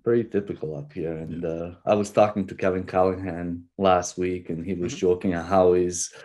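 A man hosting a podcast interview in a relaxed, hesitant way, with many fillers. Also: deep voice, normal speed. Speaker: podcast host. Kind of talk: casual interview chat.

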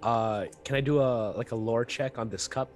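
A man's voice: mid-range voice, moderate pace, darkish tone, faint music behind. A man playing in a tabletop game, eager and upbeat as he talks. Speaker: player. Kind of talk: casual tabletop play.

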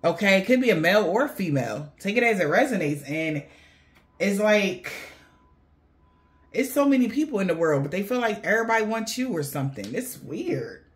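A woman giving a casual tarot reading to her viewers, animated and slangy, swearing and laughing often. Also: mid-range voice, normal speed. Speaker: tarot reader.

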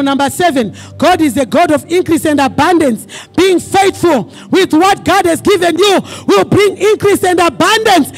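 Pastor guy preaching, super high voice, kinda gravelly, shouting out and making the church answer back. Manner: preaches with call-and-response questions to the congregation; often breaks into fervent shouting. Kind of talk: sermon. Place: church service.

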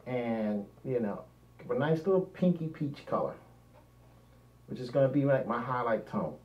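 A man's voice: mid-range voice, animated, moderate pace, a little mellow. A man narrating a painting demonstration, thinking aloud as he works and often trailing off mid-sentence. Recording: roomy, dull lo-fi sound, mic at a distance.

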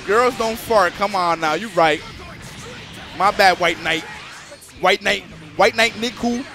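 A man's voice: high-pitched, slow, vocal fry, sharp tone, faint music behind. A man casually commentating a live stream, joking crudely and talking straight to the chat.

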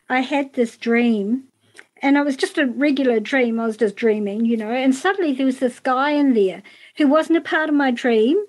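A woman's voice: a little high, darkish tone, rough recording. A woman hosting a podcast interview, telling a chatty anecdote and backing her guest with short affirmations. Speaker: podcast host.

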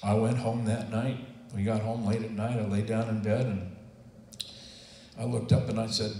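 Older man, earnest testimony, lowish voice, heard from a distance in a roomy space. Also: flat delivery, normal speed, mellow, a little hiss or hum. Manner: earnest, emotional, quotes himself and others in acted voices. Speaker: testimony speaker. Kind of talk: personal testimony storytelling.

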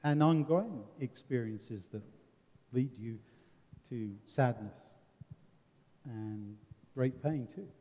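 A man's voice: mid-range voice, slow pace, pauses often, mellow. A man with an English accent leading a seminar discussion, earnest and given to rhetorical questions and wry humour. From England. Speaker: seminar presenter. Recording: reverberant hall.

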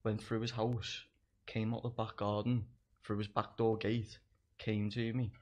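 A man's voice: lowish voice, flat delivery, a little slow, a little mellow. A young man, telling stories in casual chat, swearing a lot and laughing through them. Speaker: guest comedian.

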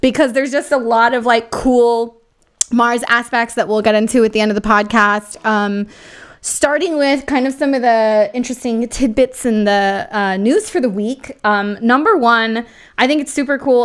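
A woman's voice: fairly high pitch, fairly bright tone, clear, resonant tone. A woman co-hosting a podcast in casual chat, chatty and laughing, loose with her fillers. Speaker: podcast co-host.

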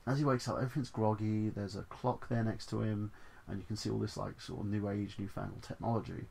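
A man's voice: lowish voice, fairly even intonation, fast talker, creaky, dark tone, a little hiss or hum. A man giving a casual, enthusiastic spoken film review, rambling with frequent fillers and restarts. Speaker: movie reviewer.

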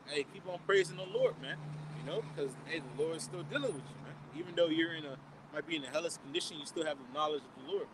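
Man, high-ish voice, street preacher in a casual Bible study, "man" and "okay?" after every line, faint traffic behind. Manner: asks questions and answers them himself. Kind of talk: informal outdoor Bible teaching.

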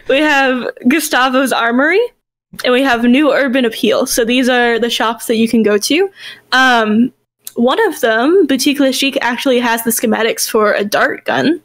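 High-voiced, chatty woman on a podcast. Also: normal speed, a bit bright. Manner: chatty and enthusiastic, laughs easily. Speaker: podcast co-host. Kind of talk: casual chat about game lore.

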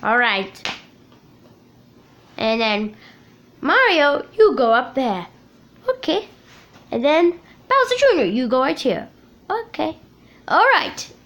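Upbeat high-voiced woman hosting. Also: big pitch swings, slow, pauses often, fairly bright tone, muffled recording. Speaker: show host. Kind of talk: plush puppet comedy.

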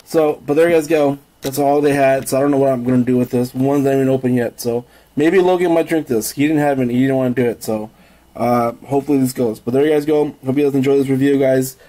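A man with a stuffy, congested voice from a cold, chatting loosely to his viewers as he hosts a family taste test. His tone is mellow and warm rather than bright. He rambles easily, with a relaxed, homey manner. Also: mid-range voice, fast, rough recording. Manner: easygoing, rambling, talks to viewers as "guys". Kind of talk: casual home video chat.

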